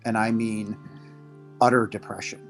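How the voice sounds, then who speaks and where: A man in his fifties, a podcast guest giving a halting, emotional personal testimony, his voice breaking at times. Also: on the low side, little pitch movement, soft background music. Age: 50s.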